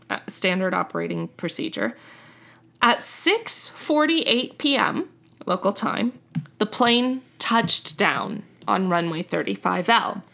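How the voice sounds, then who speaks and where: A woman's voice: fairly low pitch, gravelly, a bit bright. Chatty young woman telling a story. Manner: chatty, self-correcting, laughs at own slips. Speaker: podcast host. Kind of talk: casual storytelling chat.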